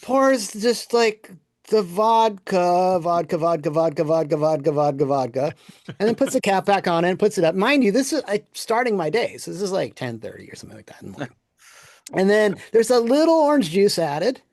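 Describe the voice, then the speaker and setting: Man, casual storyteller, animated, mid pitch, dry close sound. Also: fairly quick, creaky, no room sound. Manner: animated anecdote with quoted voices and laughter. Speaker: podcast guest, former game producer.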